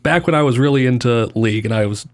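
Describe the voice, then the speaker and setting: A man's voice: mid-range voice, fast talker. A man co-hosting a gaming podcast in casual chat, speaking bluntly and emphatically with some swearing. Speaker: podcast co-host.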